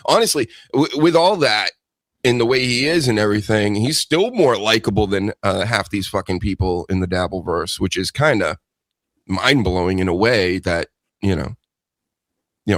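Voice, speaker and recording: A man hosting a loose, profane, rambling chat, his voice set fairly low. The sound is dry and close, with no room to it. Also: fairly bright tone, dry recording. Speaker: podcast host. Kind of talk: casual chat.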